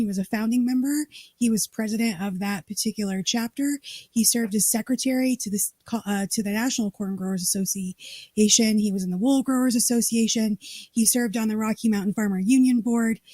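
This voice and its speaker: A woman's voice: fairly high pitch, mellow, no echo. A woman from Colorado, a state party chair, telling her story in a casual interview and acting out the dialogue.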